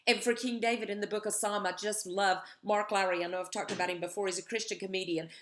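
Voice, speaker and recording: Woman, devotional speaker, earnest and heartfelt, mid-pitched. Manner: earnest, reads and acts out scripture with rising emotion. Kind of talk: devotional talk.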